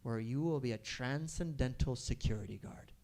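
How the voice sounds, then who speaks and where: A man's voice: mid-range voice, moderate pace, vocal fry, darkish tone, voice pushed down, natural voice. A man voicing a playful, commanding god. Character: Lord Krishna, a playful amused god.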